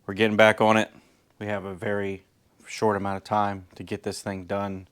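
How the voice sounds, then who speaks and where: A man's voice: on the low side, level tone, moderate pace, a bit bright. A man from Virginia, talking in a laid-back, rambling way as he introduces his car-building vlog. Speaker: vlogger building a lowrider. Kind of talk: casual garage vlog intro.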